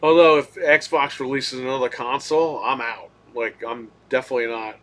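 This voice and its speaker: A man hosting a live gaming stream, ranting in a heated, profane way, swinging between low muttering and loud outbursts. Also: fairly even intonation, moderate pace, slight background noise. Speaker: gaming podcast host.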